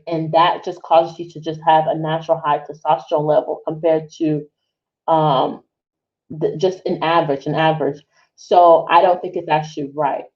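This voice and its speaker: A woman's voice: on the low side, muffled recording. A woman hosting a livestream, chatting casually with viewers and reacting with lots of exclamations and restarts. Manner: rambling, many restarts, exclaims and reacts emotionally. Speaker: livestream host. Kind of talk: casual chat with live viewers.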